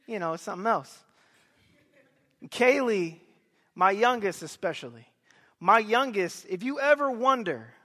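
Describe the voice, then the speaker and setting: A young man preaching a sermon, telling family stories with animated delivery and loud bursts of emphasis. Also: very high-pitched, big-room sound. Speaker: pastor.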